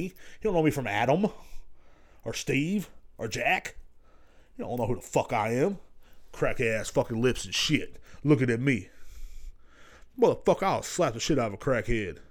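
A young man talking alone on his own podcast, cussing constantly and wandering off topic from story to story. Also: mid-range voice. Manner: profane, loose, jumps between stories. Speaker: podcast host. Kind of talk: solo rambling podcast monologue.

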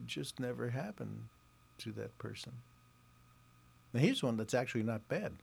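A man in his sixties, a reporter hosting a scripted commentary show, talking in a sarcastic and wry way and mocking the pitches he reads aloud. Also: animated, unhurried, creaky, pauses often, husky. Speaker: reporter and podcast host.

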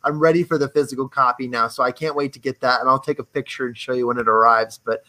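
Brief: male show host, bright forceful tone, enthusiastic, chatty, on a video call. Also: mid-range voice, fairly even intonation, quick pace. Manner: upbeat, enthusiastic. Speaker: podcast host. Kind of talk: casual interview chat.

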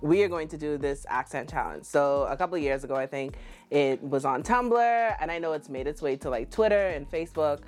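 Over soft background music, a woman with a Bahamian accent hosts a casual podcast chat, teasing her friends playfully. Her voice sits low, a little mellow, and moves a little fast.

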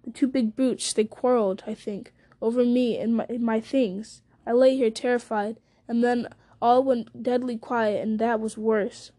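A woman reading the part of a weary, frightened young male hobbit with an anguished, halting delivery. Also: fairly high pitch, fairly even intonation, warm tone.

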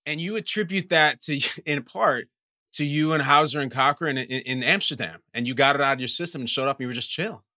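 A man's voice: fairly high pitch, fairly quick, sharp tone. A man hosting an interview quiz show, playful and using sports announcer lingo. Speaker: host.

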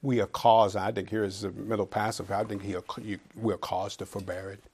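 A man giving a conversational Bible teaching, building to loud emphasis as he reads scripture and dropping into dry, sarcastic asides. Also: lowish voice, flat delivery, fairly quick, breathy edge.

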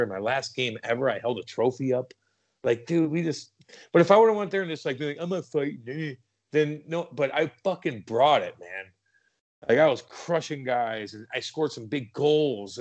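A man from the American Midwest, a former hockey player telling stories as a guest in a casual interview, swearing freely and acting out his own past shouts. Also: medium pitch, normal speed.

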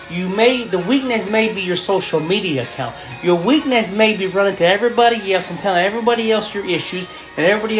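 Earnest woman preaching with soft music. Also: mid-range voice. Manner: earnest, repeats phrases, slows down for scripture. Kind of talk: sermon.

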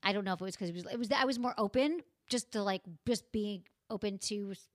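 A woman host tells a story in a quick, lively rush. She acts out each quote as she goes. Her voice sounds dry and close, with no room echo. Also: medium pitch. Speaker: podcast host. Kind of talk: casual chat.

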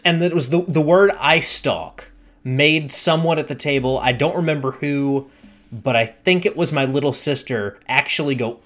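A man in an easygoing conversation who unfolds his gaming anecdotes at a slow, measured pace. His pitch sits in an ordinary middle range, and he builds each story step by step as the host. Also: a bit bright. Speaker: podcast host and game master. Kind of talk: casual chat.

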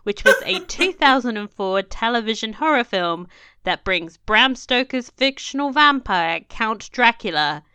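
A woman's voice: on the high side, expressive, measured pace, bright, forceful tone, clean tone. A young woman co-hosting a podcast, reading history from notes and breaking into casual jokes and laughter. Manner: reads notes, then jokes and laughs easily. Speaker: podcast co-host. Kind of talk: casual chat mixed with read-out history.

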